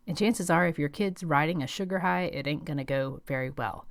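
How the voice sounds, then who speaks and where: A woman hosting an advice podcast, speaking calmly and directly with firm emphasis. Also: low-pitched, a little fast, hardly any pauses, no room sound, studio quality. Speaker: podcast host.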